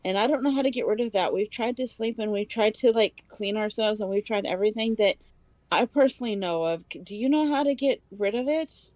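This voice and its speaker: A woman's voice: mid-range voice, brisk, no echo. Hesitant stammering woman, dry sound. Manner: hesitant, stammering, soft-spoken. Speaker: player. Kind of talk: playing a tabletop role-playing game.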